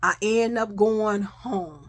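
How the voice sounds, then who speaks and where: A woman telling a childhood story in a casual, profane, animated way, often addressing listeners as y'all. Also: medium pitch, takes it slowly.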